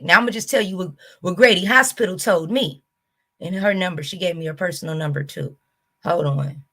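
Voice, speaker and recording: A woman's voice: fairly low pitch, bright, forceful tone, breathy edge. A woman YouTube host with a Southern US accent, ranting bluntly and profanely to her viewers. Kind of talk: casual reaction rant to camera.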